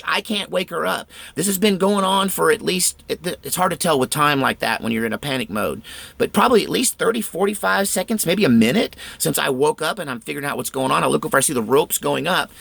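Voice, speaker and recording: A man's voice: mid-range voice, gravelly, fairly bright tone, no room sound. A man earnestly recounting a frightening personal experience in a tense, fervent way. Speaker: storyteller. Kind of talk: personal storytelling.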